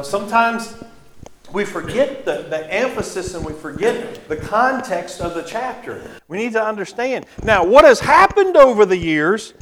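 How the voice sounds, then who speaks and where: A man with a high-pitched voice leads a Bible class, pausing often on fillers and restarting his sentences as he quizzes the class. He sounds like he is in an echoey church classroom. A faint hiss sits under the recording. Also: fairly bright tone. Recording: echoey room with faint noise.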